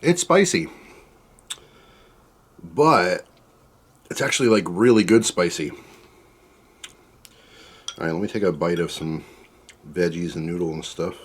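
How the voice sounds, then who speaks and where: A fairly low, slightly rough voice belongs to a food reviewer who slowly rambles through a spicy soup tasting, leaving long pauses. His mouth burns from the heat, and he chats casually, wandering off topic with lots of "um" and "like" and many asides.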